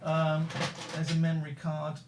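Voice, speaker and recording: A man hosting a live show, chatting casually in a playful, teasing way with sudden loud outbursts. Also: a little high, completely flat delivery, a little slow, a little hiss or hum. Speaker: radio host.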